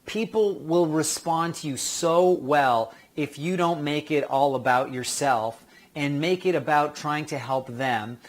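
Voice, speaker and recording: A man giving casual career advice to actors, chatty and acting out quick quoted exchanges. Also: fairly high pitch. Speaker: acting coach.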